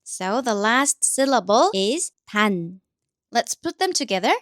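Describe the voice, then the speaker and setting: A woman with a Korean accent teaches reading in a slow, deliberate way, pausing to repeat each sound for her learners. Her pitch sits a little high and moves a lot. The recording is dry and close. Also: expressive, a bit bright, no room sound.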